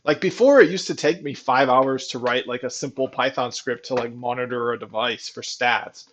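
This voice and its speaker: A man giving casual, rambling commentary while testing an app he built, excited and full of restarts. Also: mid-range voice, moderate pace, a little hiss or hum. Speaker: programmer testing his own app. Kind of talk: casual screen-recording commentary.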